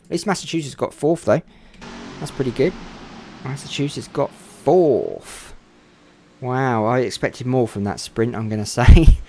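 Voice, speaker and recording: A man giving casual live commentary on a simulated car race, chatting to viewers and getting excitable. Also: a little hiss or hum. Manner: chatty, talks to viewers in chat, gets excited and pitch jumps up. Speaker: sim racing commentator.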